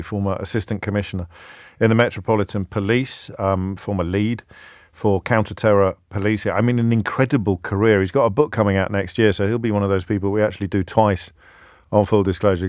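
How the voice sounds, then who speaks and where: A man hosting a live radio phone-in, animated and wry, often restarting his sentences. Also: deep voice, no room sound, studio quality. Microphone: studio microphone.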